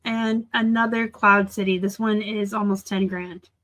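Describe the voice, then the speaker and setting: A woman in her forties hosting a reseller channel, chatting casually and excitably as she looks over sold listings. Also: medium pitch, unhurried. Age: 40s. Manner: chatty and excitable, gushing over items and teasing seller titles. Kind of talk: casual screen-share commentary.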